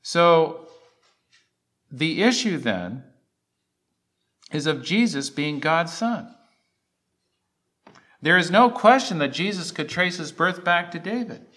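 A man delivering a sermon at an unhurried pace. His voice rises and falls in lively sweeps as he recites scripture and puts emphatic questions to his listeners. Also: fairly high pitch. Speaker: pastor.

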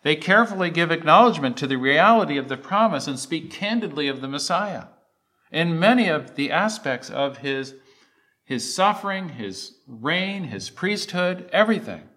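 A man's voice: fairly high pitch, animated, moderate pace, pushed and bright. A man preaching a sermon, reciting scripture and asking the congregation emphatic questions. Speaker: pastor.

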